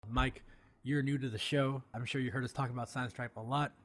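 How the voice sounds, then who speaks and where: A man's voice: mid-range voice, fairly even intonation, fairly quick, noisy background. A man hosting a podcast, casual and jokey, reading a sponsor spot and laughing often. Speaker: podcast host.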